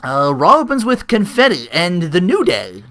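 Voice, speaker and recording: A man's voice: sits high, huge pitch swings, moderate pace, fairly bright tone. A man co-hosting a casual podcast, recapping a wrestling show and laughing often. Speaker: podcast co-host.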